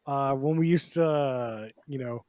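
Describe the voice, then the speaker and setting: A man's voice: mid-range voice, slow, a little mellow, no room sound, studio quality. A man co-hosting a casual podcast chat, talking loosely and acting out quotes in put-on voices. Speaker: podcast co-host.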